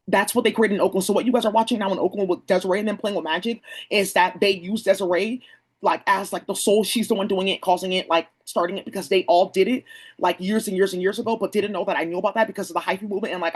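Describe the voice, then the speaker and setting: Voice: mid-range voice, husky, rough recording. A speaker from the San Francisco Bay Area delivering a rambling, accusatory monologue to the camera, full of slang and profanity.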